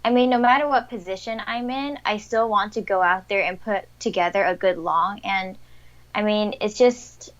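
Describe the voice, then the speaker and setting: A woman's voice: mid-range voice, moderate pace, dull audio. Young woman, chatty upbeat interviewee. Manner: chatty, upbeat, frequent fillers and laughs. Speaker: interviewed athlete. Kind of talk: casual interview answers.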